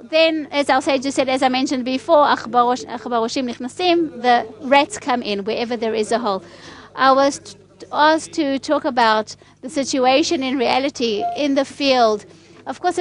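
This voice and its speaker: A woman giving an earnest conference speech in a hall, asking rhetorical questions. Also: sits high. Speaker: conference speaker.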